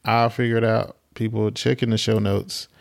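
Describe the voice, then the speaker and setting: A man's voice: fairly low pitch, flat delivery, moderate pace, creaky. A man co-hosting a podcast in casual chat, playful and exclaiming, laughing often. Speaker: podcast co-host.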